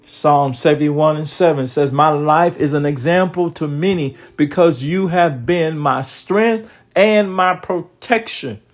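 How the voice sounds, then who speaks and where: A man preaching a sermon at an unhurried, drawn-out pace, his voice sitting a little higher than most men's. He reads scripture with deliberate emphasis and breaks in with exclamations between the verses, calling out to his listeners. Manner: calls out to listeners.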